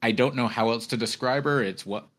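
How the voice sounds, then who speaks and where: A man co-hosting a podcast, chatting in an easygoing, halting way. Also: medium pitch, a bit bright. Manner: easygoing, halting, many fillers. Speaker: podcast co-host. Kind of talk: casual chat.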